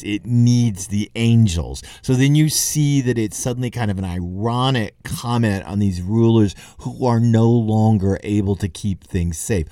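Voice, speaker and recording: A man's voice: lowish voice, mellow, no room sound, clean studio sound. A man hosting a podcast, giving a conversational literary lecture, thinking aloud with occasional chuckles. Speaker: podcast host and lecturer on Dante.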